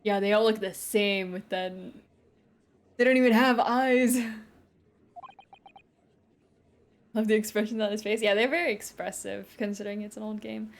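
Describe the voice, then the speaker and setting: A woman's voice: medium pitch, fairly even intonation, unhurried, creaky, pauses often. A young woman casually commenting on a game while playing, chatty and joking. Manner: chatty, joking, laughs often. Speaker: streamer.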